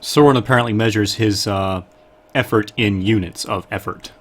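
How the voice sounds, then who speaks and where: A man's voice: lowish voice, moderate pace. A young man casually chatting on a live stream while developing a game mod, explaining plans with plenty of fillers. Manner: relaxed, explanatory, with frequent fillers.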